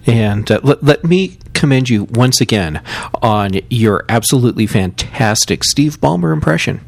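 A man's voice: mid-range voice, animated, moderate pace, creaky, dry recording. Wry man co-hosting a podcast, dry sound. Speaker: podcast co-host. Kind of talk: casual tech podcast chat.

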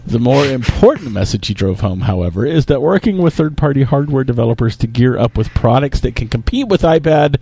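A man's voice: mid-range voice, expressive, a little fast, hardly any pauses, mellow, husky. A man co-hosting a casual tech podcast, thinking aloud in an analytical way. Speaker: podcast co-host.

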